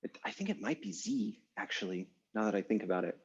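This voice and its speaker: A man's voice: lowish voice, wildly swooping pitch, fast talker, gravelly, husky, dull audio. A man teaching an online language class, thinking aloud with many fillers and restarts. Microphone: video call.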